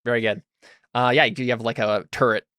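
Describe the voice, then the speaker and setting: A medium-pitched, fairly bright, smooth male voice talks fast with fairly even intonation. He is the game master of a tabletop role-playing game, speaking loosely with many fillers and asking the players what they do.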